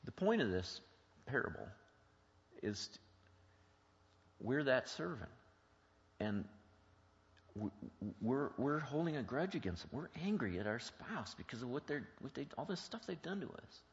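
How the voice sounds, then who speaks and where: A man's voice: medium pitch, sing-song, unhurried, pauses often. Man preaching in an echoing church. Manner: asks the congregation many questions, talks in a plain, chatty way. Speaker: pastor. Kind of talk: conversational teaching sermon. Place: church sanctuary. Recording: long hall reverb, dull lo-fi sound.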